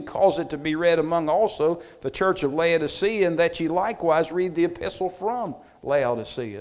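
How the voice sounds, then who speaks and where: A pastor teaching a Bible study sermon, restarting his phrases and building force on key points. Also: fairly high pitch.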